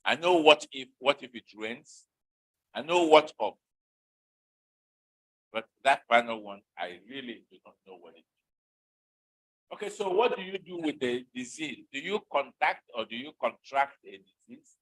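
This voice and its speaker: A man's voice: medium pitch, expressive, normal speed, pauses often, no room sound, poor audio. A man teaching an usage lesson in a classroom, questioning and coaxing his students to answer.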